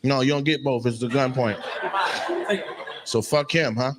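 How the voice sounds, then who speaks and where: Measured and steady, with a medium pitch, a stand-up comic chats up his crowd, mocking audience members in brash, profane fashion. It's captured on a live stage mic at a comedy venue with noisy room sound.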